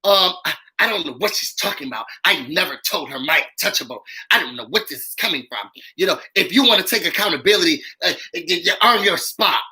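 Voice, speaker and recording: A man's voice: on the high side, expressive, brisk, pushed and bright, rough recording. A man hosting a casual reality TV recap, talking in a sassy, dramatic, slangy way and repeating lines for emphasis. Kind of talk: casual live recap commentary.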